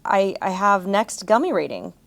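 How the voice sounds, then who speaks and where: Young woman co-host, casual chatter, mid-pitched, loose and talkative. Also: sing-song, moderate pace, a bit bright. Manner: chatty, puts on voices when quoting. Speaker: podcast co-host. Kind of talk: casual chat.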